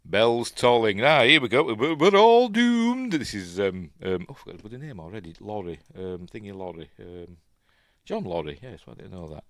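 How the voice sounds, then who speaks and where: A man's voice: low voice, moderate pace, a bit bright, dry recording, studio quality. A man with a Yorkshire accent casually commentating on an old film as he watches, rambling and chatty with lots of fillers. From Yorkshire, England. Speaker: film review host.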